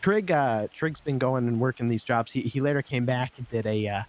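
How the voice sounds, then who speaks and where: A man playing a prison guard, recounting events in character with lively detail and many fillers. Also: mid-range voice, normal speed. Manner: animated storyteller, lots of fillers. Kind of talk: in-character game storytelling.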